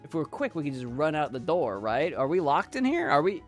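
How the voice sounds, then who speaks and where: Animated man giving let's-play commentary. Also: fairly high pitch, fairly quick, faint music behind. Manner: animated, joking, reads dialogue aloud. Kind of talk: casual gameplay commentary.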